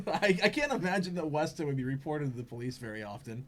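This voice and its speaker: A young man on a podcast telling a funny story in casual chat, animated and laughing, acting out the people he quotes. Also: a little high, fast talker, a little hiss or hum. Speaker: podcast host.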